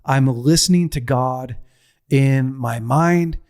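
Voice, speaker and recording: A middle-aged man giving a heartfelt teaching talk, telling a personal story with repetition, restarts and a pace that swings from slow to rushed. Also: medium pitch, a little mellow. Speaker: speaker on a men's ministry show.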